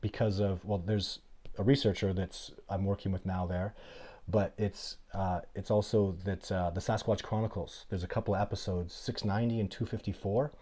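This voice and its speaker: A middle-aged man hosting a casual live Q&A, telling stories in an animated, blunt, plainspoken way. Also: sits low, normal speed. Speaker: host of a livestream Q&A.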